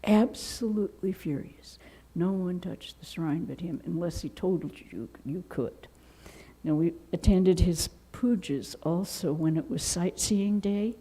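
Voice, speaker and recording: Husky, mellow-voiced woman telling stories. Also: fairly low pitch, a little slow, low-quality recording. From Seattle, United States. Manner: animated, with laughter and acted-out quotes. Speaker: Vedanta nun. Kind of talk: anecdotal storytelling in an interview.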